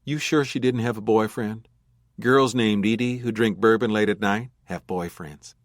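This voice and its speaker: A man's voice: on the low side, moderate pace, dry recording, clean studio sound, natural voice. A man voicing a wry, flirtatious grown woman, the ex-wife of a bank robber, in a crime audiobook.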